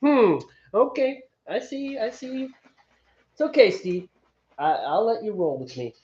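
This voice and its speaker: A man's voice: sits high, a little slow, roomy sound, muffled recording. A man co-hosting a homebrewing video, joking and teasing his friend in casual chat. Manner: teasing, playful, animated. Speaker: homebrewer co-host. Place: garage at a friend's house.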